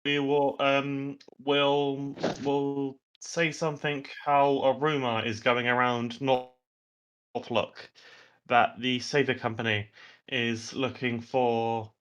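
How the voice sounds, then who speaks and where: A man playing a tabletop game, calmly laying out the group's plans step by step in casual talk. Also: medium pitch, slow pace, smooth, dull audio. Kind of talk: casual planning talk over voice chat.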